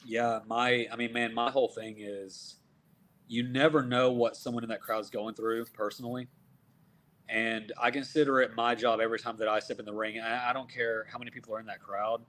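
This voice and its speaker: A man's voice: medium pitch, fairly quick. Man, from Texas, 30s, wrestler guest, casual storytelling, acts out quotes. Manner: animated, acts out quoted dialogue.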